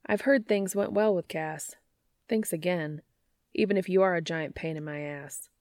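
A woman doing a gruff sardonic young man. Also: on the low side, moderate pace, darkish tone, dry recording, natural voice. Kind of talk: fan fiction audiobook reading.

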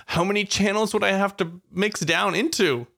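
A man's voice: high-pitched, normal speed, creaky, fairly bright tone. A man co-hosting a podcast, chatting playfully and laughing often. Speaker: podcast co-host. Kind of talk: casual chat.

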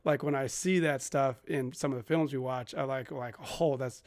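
A man's voice: mid-range voice, fairly even intonation, normal speed. A man co-hosting a podcast, chatting casually about old films in a laid-back, rambling way and swearing freely. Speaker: podcast co-host.

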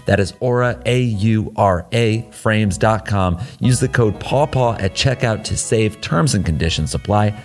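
A podcast host reading a sponsor ad in an upbeat, salesy manner. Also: male voice, on the low side, unhurried, few pauses, soft background music. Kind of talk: read sponsor ad.

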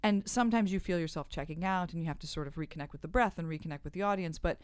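Animated woman actress telling stories. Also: on the low side, very fast, smooth, no room sound, clean studio sound. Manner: animated storyteller, warm and self-deprecating. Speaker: actress, podcast guest. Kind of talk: conversational interview.

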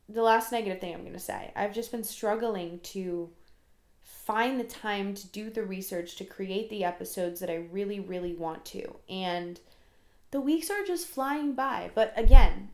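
A woman's voice: medium pitch, roomy sound. A 22-year-old woman hosting her own podcast, talking alone in a rambling, chatty, self-deprecating way. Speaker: podcast host. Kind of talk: casual solo podcast monologue.

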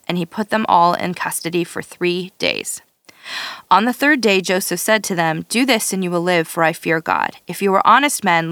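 A woman reading scripture aloud in a steady, measured way, now and then stumbling and restarting a word. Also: lowish voice, no room sound. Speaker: scripture reader.

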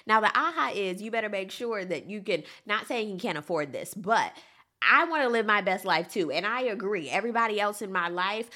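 A woman's voice: mid-range voice, expressive, moderate pace, bright, forceful tone. A woman giving a casual, sassy recap of a reality show, talking emphatically and throwing in chatty asides to the viewer.

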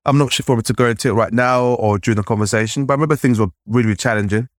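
A Nigerian man, a guest on a podcast, tells a story in conversation, lively and leaning heavily on "like." His pitch leaps about as he imitates voices he remembers. He talks at a racing clip, and the close, dry recording carries no room sound at all.

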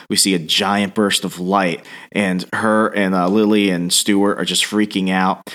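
A man with a low voice co-hosts a casual podcast. He recaps a comic story in an animated way, acting out the characters' lines as he goes. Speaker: podcast co-host.

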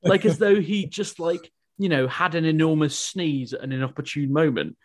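A man's voice: on the high side, moderate pace. A man hosting a podcast. He talks in a wry, chatty way and laughs often. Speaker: podcast host. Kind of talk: casual chat.

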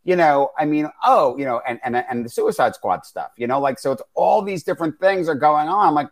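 A man's voice: on the high side, big pitch swings, a little fast, few pauses. Rambling man talking film. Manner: rambling, repeats words when starting. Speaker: podcast co-host. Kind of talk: casual film review chat.

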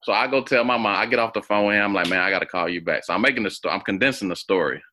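A man with a low, deep voice that still rings bright and forceful. He tells a long personal story as an interview guest. He acts out the other people in it, jumping high in pitch. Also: racing. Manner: animated, acts out quoted voices with big pitch jumps.

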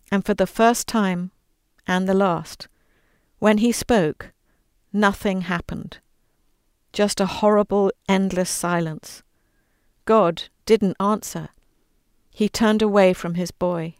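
A woman talks with earnest warmth, then reads a storybook aloud, lending its quoted lines their own voice. Her tone is smooth and resonant. The recording is dry and close, with no room sound. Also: medium pitch, steady tone, slow, no echo. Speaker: guest author reading her book. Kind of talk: conversational interview, then storybook read-aloud.

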